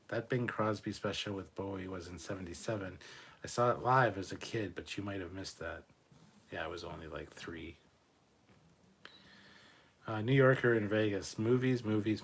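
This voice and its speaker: A man in his forties co-hosts a casual livestream, his fairly low voice carrying a breathy edge. He reads viewer comments aloud in a laid-back, offhand way, using frequent fillers and some swearing.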